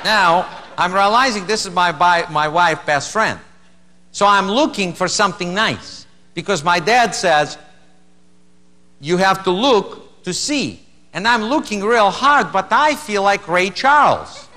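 A middle-aged man with a Russian accent telling a stand-up story, halting and restarting as he acts out quotes. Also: high-pitched, animated, pushed and bright. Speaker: stand-up comedian. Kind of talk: stand-up comedy routine. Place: theater stage. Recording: live venue with long reverb, faint hum. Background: audience laughter.

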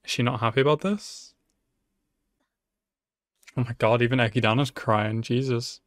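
A man's voice: mid-range voice, fairly even intonation, normal speed, no echo, studio quality. A man giving emotional live reaction commentary on an anime, swearing freely and talking back to the screen. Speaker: anime reaction channel host.

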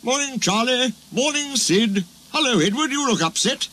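A man's voice: very high voice, lively intonation, normal speed, bright, forceful tone, voice pushed up, full character voice. A man voicing a friendly middle-aged male vicar greeting railway staff. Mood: cheerful. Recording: music playing behind.

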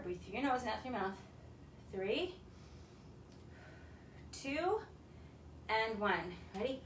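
Breathless, a woman leads a bodyweight workout from her home garage, which has no air conditioning, calling out reps and encouraging viewers. Her voice sits at medium pitch. The recording is echoey, with the mic at a distance and slight background noise.

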